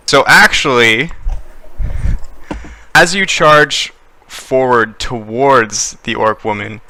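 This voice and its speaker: A man's voice: medium pitch, takes it slowly, sharp tone. A young man running a tabletop game as game master, narrating with many fillers and restarts.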